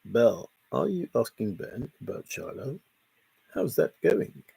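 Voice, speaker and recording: Slow gravelly man chatting with viewers. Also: medium pitch, big pitch swings, dark tone, no room sound. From half Italian, half Scottish heritage. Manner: chatty, jokey, greets viewers by name. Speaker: livestream host reading chat. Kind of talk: casual chat.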